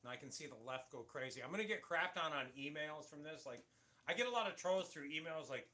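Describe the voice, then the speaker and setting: Chatty man with a bright voice. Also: fairly high pitch, animated, fast talker, slight background noise. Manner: rambling, chatty, frequent restarts. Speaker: livestream host. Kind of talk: casual livestream chat.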